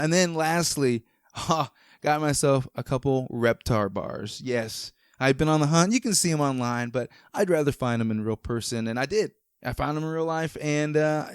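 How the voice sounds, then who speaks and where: Smooth, dry-sounding podcast host, a man. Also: mid-range voice, darkish tone, no room sound. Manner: rambling, enthusiastic, frequent fillers and restarts. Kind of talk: casual chat.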